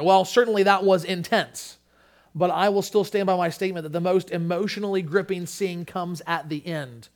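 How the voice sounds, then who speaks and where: A man delivers a sermon in a fairly high voice. He moves between quiet, drawn-out lines and loud, stressed declarations. He ends by praying aloud. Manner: swings from hushed to loud preaching. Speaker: pastor. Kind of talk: sermon with closing prayer.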